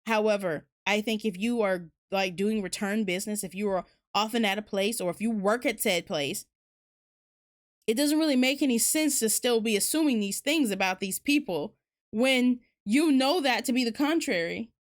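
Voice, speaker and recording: A woman's voice: medium pitch, normal speed. A woman streamer hosting a casual book talk, rambling candidly with lots of fillers and the odd swear word. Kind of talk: casual chat.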